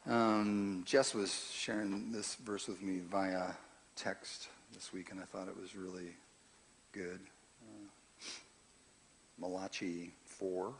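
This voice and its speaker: An older man preaching a sermon in a conversational way, dropping to quiet asides and rising to loud, emphatic scripture reading. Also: low voice, little pitch movement, slow pace, long pauses, a little hiss or hum. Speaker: pastor.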